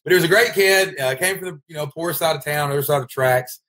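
A man's voice: on the high side, quick pace, fairly bright tone. A man with a Kentucky accent hosting a casual vlog, speaking in a folksy, emphatic way and often repeating his phrases. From Kentucky, United States. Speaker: host, online business coach.

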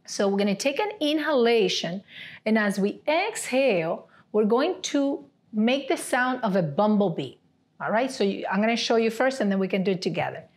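A woman yoga therapy instructor leading a seated class with gentle step-by-step cues, often checking in with "right?". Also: mid-range voice, very animated, normal speed.

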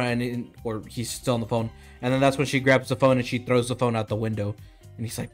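A man's voice: mid-range voice, brisk, faint music behind. A man on a podcast casually recapping a movie, rambling and acting out the characters' lines. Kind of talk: casual movie review chat.

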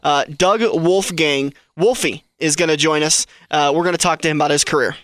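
A man's voice: on the high side, moderate pace, fairly bright tone, no room sound. A young man hosting a radio racing talk show, chatting casually in a rambling, jokey way with plenty of fillers.

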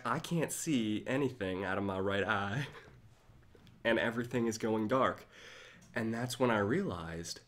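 A man hosting a casual livestream, animatedly telling a dramatic story to his chat. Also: on the low side. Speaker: livestream host.

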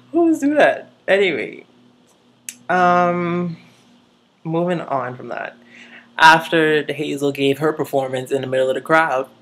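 A woman's voice: low voice, steady tone, unhurried, long pauses, fairly bright tone. A woman vlogger chatting casually while recapping TV shows, swearing freely and laughing often.

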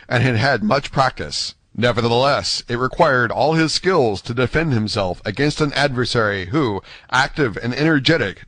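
A man narrates an audiobook in a steady, measured voice. His pitch sits in an ordinary middle range. The recording is dry and close, with no room sound. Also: no echo. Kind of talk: scripted narration.

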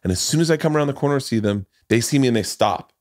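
A man in his forties hosting a podcast, telling stories in a loud, animated and profane way. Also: medium pitch, very fast, no echo, clean studio sound. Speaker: podcast host. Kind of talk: casual storytelling chat.

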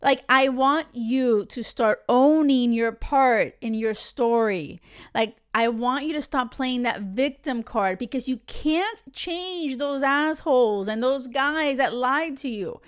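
A woman's voice: high voice, slow, smooth. A woman in her thirties hosting a podcast as a relationship coach, talking bluntly and emphatically and swearing freely. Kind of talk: casual podcast monologue.

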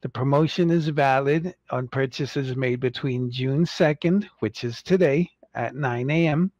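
A man hosting a casual toy-collecting livestream, rambling and joking, and mocking impatient fans in squeaky put-on voices. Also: a little slow, a little mellow, no echo, highs cut off. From United States.

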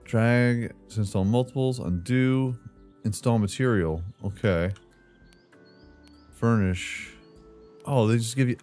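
A gaming channel host gives casual let's-play commentary while building houses in a game, calling out his builds and joking with himself. His mid-range voice is a little mellow and slow, with frequent pauses, and soft music plays behind him. He's playful, talking to himself with jokey asides like "brother."

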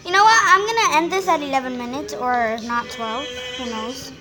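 A woman's voice: sits high, moderate pace, over loud music, poor audio. A teenage girl hosting a casual gameplay video from home, chatty and rambling, often joking at herself. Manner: chatty, rambling, self-mocking. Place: home room, others nearby.

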